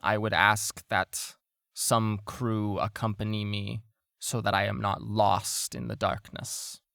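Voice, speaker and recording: A man voicing a solemn robed female priest who speaks slowly and gravely. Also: lowish voice, little pitch movement, a bit bright, no echo, studio quality, exaggerated voice. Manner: slow, grave, measured.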